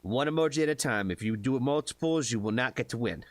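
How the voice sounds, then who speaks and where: A man hosting a live music reaction stream, chatting casually with viewers, excitable and swearing often. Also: mid-range voice, fast talker, no echo.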